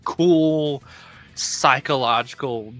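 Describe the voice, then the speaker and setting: Bright, laughing stream guest. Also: mid-range voice. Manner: laughs often, enthusiastic, quick restarts. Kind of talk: casual chat.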